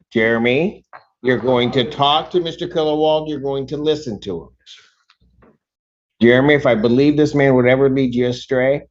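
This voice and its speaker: A man serving as a judge, lecturing a defendant in court in a stern, firm manner. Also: a little mellow. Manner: stern, lecturing, jumps high in pitch when incredulous. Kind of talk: courtroom proceedings. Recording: dull courtroom audio.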